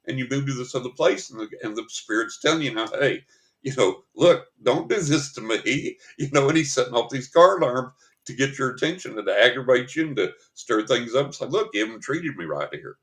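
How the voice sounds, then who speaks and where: A man's voice: medium pitch, animated, fast, a bit bright. A man hosting a paranormal talk show, telling a story in casual chat and acting out the voices of the people in it.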